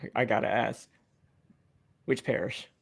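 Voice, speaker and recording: Dude playing a jittery louisiana college kid, stammers a lot, low gravelly voice. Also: male voice, fairly even intonation, a little slow. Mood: nervous. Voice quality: stammering, hesitant. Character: nervous young male college student from Louisiana.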